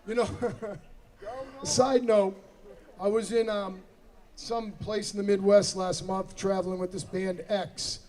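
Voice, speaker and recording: A man's voice: high-pitched, flat delivery, slow, darkish tone. A man in his forties with a Boston accent, joking between songs as a singer-songwriter at an outdoor concert. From Boston area, USA. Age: 40s. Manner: self-deprecating joking. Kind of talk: stage banter at outdoor concert. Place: outdoor amphitheater stage. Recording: distant PA sound with music.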